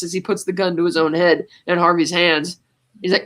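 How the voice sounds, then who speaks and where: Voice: mid-range voice, fast talker. A podcast co-host casually recapping a movie scene by scene, quoting its lines along the way and laughing often. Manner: animated retelling, quoting movie lines in passing.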